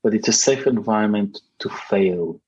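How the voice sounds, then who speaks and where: Interview guest: husky, lower-voiced man, emphatic, non-native English speaker, dull lo-fi call audio. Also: moderate pace, a little mellow. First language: not English. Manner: emphatic, acts out quoted voices. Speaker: podcast guest, public speaking champion. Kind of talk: animated interview answers.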